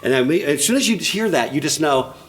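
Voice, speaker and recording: Older man giving an animated talk. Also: on the high side, a little fast. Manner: animated, jokey, checks in with audience. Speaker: presenter. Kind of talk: lively conference talk.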